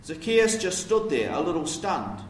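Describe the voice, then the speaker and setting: A man's voice: a little high, big pitch swings, moderate pace, a little hiss or hum. A man preaching a sermon in a conversational, explanatory way, posing questions to his listeners. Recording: roomy, distant mic, faint ambience.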